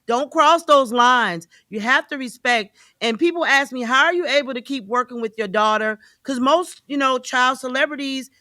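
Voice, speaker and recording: A woman's voice: high voice, moderate pace, hardly any pauses, bright, forceful tone, no room sound, studio quality. A woman and mother speaking as a guest on a talk show, earnestly giving advice and repeating her points for emphasis. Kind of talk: casual talk show chat.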